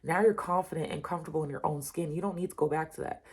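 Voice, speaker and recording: There's a slight hiss or hum as a woman with a deep, somewhat mellow voice talks quickly through a casual tarot reading. She addresses the listener directly as "you" and "y'all," repeating herself for emphasis and reassurance.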